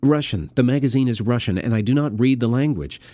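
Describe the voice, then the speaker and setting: A man voicing a flustered, earnest man on a phone call, speaking eagerly and haltingly, raised above his narrating voice. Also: lowish voice, dark tone, dry recording, close to an everyday voice.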